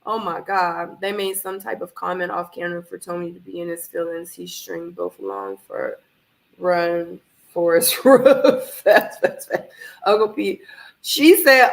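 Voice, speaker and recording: A woman hosting a live reaction stream from her home office, a little hoarse from being under the weather, animated and laughing as she talks back to the screen. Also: fairly low pitch, measured pace, low-quality recording. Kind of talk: casual live watch-party chat. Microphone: camera microphone.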